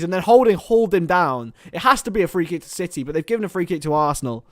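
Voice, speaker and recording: A man streaming live fan commentary on a football match, excitable and rambling, chatting with his viewers between calls of the play. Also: fairly high pitch, fast, few pauses, no echo, studio quality.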